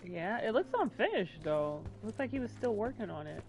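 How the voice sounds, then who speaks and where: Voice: mid-range voice, big pitch swings, moderate pace, a little mellow, a little hiss or hum. Joking let's play commentator. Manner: joking, chatty. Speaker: game streamer.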